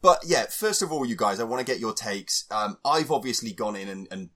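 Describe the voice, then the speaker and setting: Wry host for a film chat, lively pitch, bright tone. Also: male voice, a little fast. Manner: animated, wry. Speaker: podcast host. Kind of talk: casual film review chat.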